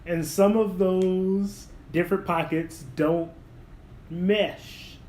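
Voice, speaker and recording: A man's voice: sits high, fairly even intonation, very slow, darkish tone, reverberant. A man in his twenties co-hosting a podcast in casual chat, mostly giving short agreeing replies and laughing easily. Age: 20s. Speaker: podcast co-host.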